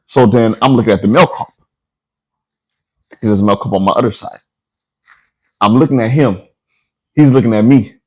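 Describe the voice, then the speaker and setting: A man's voice: on the low side, normal speed, pauses often, husky, poor audio. A man hosting a podcast, telling a story in casual chat and acting out the people in it. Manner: animated, acts out the people in his stories. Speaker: podcast host.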